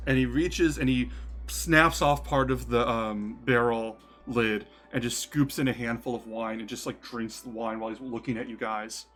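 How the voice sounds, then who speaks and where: A man's voice: mid-range voice, steady tone, normal speed, a bit bright. A man narrating as game master in a casual, filler-heavy storytelling manner, with faint music behind him.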